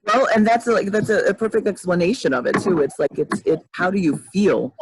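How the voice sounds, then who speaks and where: A woman's voice: mid-range voice, animated, brisk, background noise. A woman in her fifties hosting a casual livestream chat over a video call, rambling and restarting often. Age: 50s. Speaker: host, life coach.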